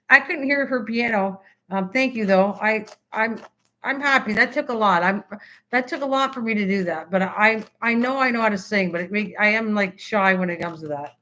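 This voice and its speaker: A woman's voice: mid-range voice, moderate pace, pushed and bright. An older woman hosting a crafting livestream. She chats casually with viewers, rambling and restarting her sentences as she works. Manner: chatty, rambling, stops mid-sentence and restarts.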